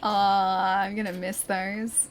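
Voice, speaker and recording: A young woman with an Australian accent chats through a game as a streamer, laughing often and joking at her own expense. Her voice sits at an ordinary middle pitch for a woman, and a faint ambient hum lies under it. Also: flat delivery, slow pace. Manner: chatty, giggly, self-deprecating. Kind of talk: casual gameplay commentary.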